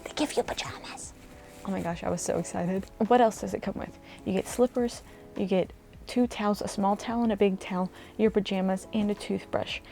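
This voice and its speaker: A woman's voice: medium pitch, fairly even intonation, fairly quick, creaky, mellow, soft background music. A woman vlogging a tour of a capsule hotel, chatty and informal, talking to a handheld camera indoors. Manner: chatty and informal, with frequent fillers. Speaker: travel vlogger. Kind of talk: casual vlog tour.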